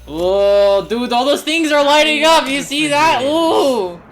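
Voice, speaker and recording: A woman's voice: high voice, lively intonation, takes it slowly, a little hiss or hum. A young woman streamer commentating live on a game, flustered and joking, with lots of exclamations.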